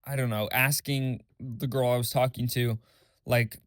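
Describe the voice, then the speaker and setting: A man's voice: flat delivery, unhurried, smooth, no room sound, clean studio sound. A young man hosting his own podcast, rambling candidly in a casual journal-style monologue with lots of fillers and swearing. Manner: mimics others in a high mocking voice. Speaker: podcast host.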